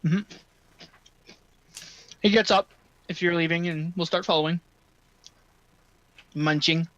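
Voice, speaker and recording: A man's voice: on the high side, steady tone, slow pace, fairly bright tone. A man playing a tabletop game in a playful, giggly way, heard through a dull lo-fi mic. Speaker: player.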